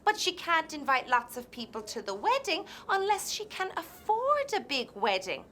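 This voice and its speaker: A woman's voice: high-pitched, very animated, normal speed, pushed and bright, slight background noise, exaggerated voice. A woman playing a fretful, chatty maid who pleads and confides, repeating herself in a comic TV sketch. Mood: pleading.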